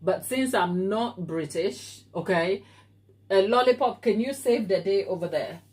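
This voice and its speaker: Streaming live from her home kitchen, an African woman bakes while casually chatting with viewers, reading their comments and teasing them by name. Her mid-range voice is a little mellow, and she takes her time.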